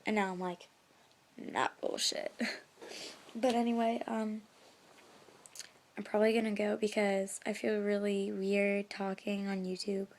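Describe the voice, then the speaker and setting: A woman's voice: medium pitch, level tone, moderate pace, a little mellow. Young woman rambling into her phone at night, lots of likes and um, half whispering, bit of hiss. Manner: chatty, many fillers, drops to whispers. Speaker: vlogger. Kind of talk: casual storytelling vlog. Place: bedroom at night, window open. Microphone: phone camera.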